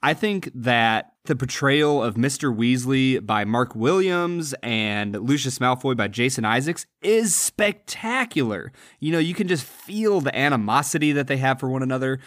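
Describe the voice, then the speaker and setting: A man's voice: medium pitch, lively intonation, normal speed, few pauses, a bit bright, no echo, studio quality. A man co-hosting a podcast, earnestly discussing a film and its performances. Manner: earnest, admiring. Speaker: podcast co-host. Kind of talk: casual film review chat.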